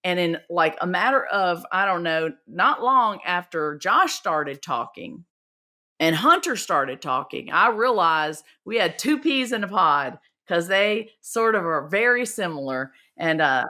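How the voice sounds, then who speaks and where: A woman's voice: fairly low pitch, expressive, a little slow, pushed and bright. A woman hosting a podcast interview, chatty and telling stories with feeling. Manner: chatty storyteller, emotional about her work. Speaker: podcast host. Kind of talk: casual conversational interview.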